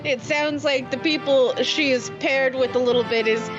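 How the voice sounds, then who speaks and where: A woman's voice: high-pitched, steady tone, highs cut off, music in the background. A woman player thoughtfully describing her character's feelings in a tabletop game. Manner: slow, thoughtful.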